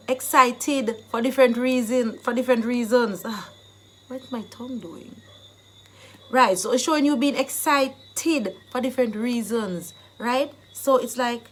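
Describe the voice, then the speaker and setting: A Jamaican woman with a fairly high voice explains local phrases at an unhurried pace in a relaxed vlog. She keeps breaking into animated demonstrations of how people say them. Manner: demonstrative, acts out phrases with lively bursts. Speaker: vlogger teaching Jamaican phrases.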